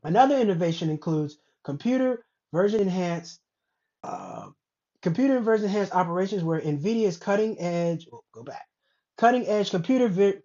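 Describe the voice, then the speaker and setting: A woman's voice: on the low side, warm tone. A woman hosting a casual commentary show, ranting in a blunt, rambling way with plenty of profanity. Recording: dull lo-fi recording.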